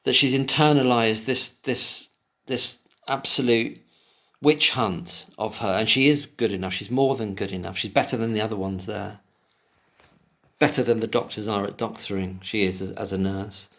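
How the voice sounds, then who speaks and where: Angry, swearing man with a low voice. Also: normal speed, fairly bright tone. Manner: emotional, indignant, swears often; reads passages aloud, then breaks off to rant. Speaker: commentator reading and discussing an article. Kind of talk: solo commentary, reading aloud with angry asides.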